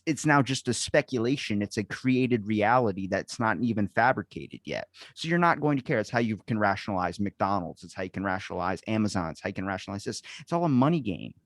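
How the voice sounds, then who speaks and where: Opinionated man host with low voice. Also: no room sound. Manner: opinionated, rambling with restarts. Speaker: podcast host. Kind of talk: casual interview talk.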